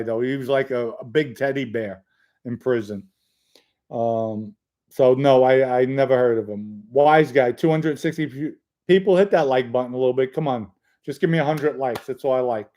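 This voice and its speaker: In a mid-range, darkish voice, a middle-aged livestream host reads viewer comments out loud and kids around with his chatters. He tends to ramble, spinning loose anecdotes.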